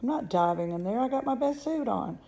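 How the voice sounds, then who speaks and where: A woman's voice: a little high, animated, fairly quick, creaky, dark tone, voice pushed up. Woman doing a stolid, unbothered father. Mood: deadpan.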